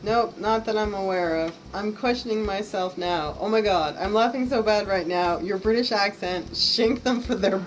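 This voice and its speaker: A woman's voice: medium pitch, moderate pace, hardly any pauses, slight background noise, low-quality recording. An American woman streaming a game, chatting casually, gushing and laughing easily. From United States. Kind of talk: casual let's-play chat.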